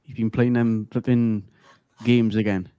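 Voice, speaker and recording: A talkative man hosts a casual livestream and laughs easily as he chats. His voice is dark and mellow. The sound is dry and close, with no room echo. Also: fairly low pitch, flat delivery, a little slow, smooth. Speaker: livestream host. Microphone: computer mic.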